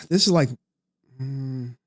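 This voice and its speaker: A man's voice: mid-range voice, very slow, a bit bright. A young man hosting a casual late-night stream, tired from no sleep, rambling, swearing and laughing often. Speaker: streamer host.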